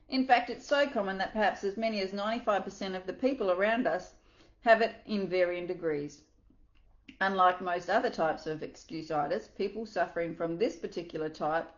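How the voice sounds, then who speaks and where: A woman reads a self-help book aloud in a slightly low voice, earnest and unpolished, slipping now and then and adding her own asides. The sound is roomy and a little dull, like a simple home recording. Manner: earnest, with small slips and asides. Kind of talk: reading aloud with commentary.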